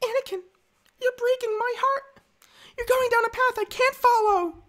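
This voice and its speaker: A man putting on a falsetto voice as a heartbroken young woman senator, pleading in a drawn-out, breathy way. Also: fairly even intonation, bright, forceful tone.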